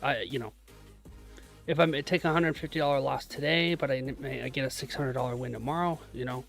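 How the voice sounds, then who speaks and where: A man's voice: mid-range voice, brisk, creaky, fairly bright tone, soft background music. A young man chatting casually on a live stream, joking about himself and cheering his trades on. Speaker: livestreaming day trader.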